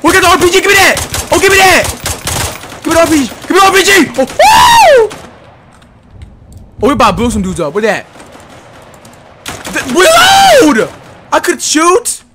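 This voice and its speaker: A man doing excitable, slangy gameplay commentary, muttering one moment and yelling the next. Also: very high-pitched, fairly quick, long pauses, heavy background noise. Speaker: gaming YouTuber. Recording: gunfire from the game behind.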